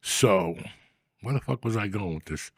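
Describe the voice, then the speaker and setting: Gravelly, husky middle-aged man, profane rambler. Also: lowish voice, lively intonation, unhurried, no echo, clean studio sound. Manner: profane, rambling, mock-gruff. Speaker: podcast host. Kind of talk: casual comedic rant.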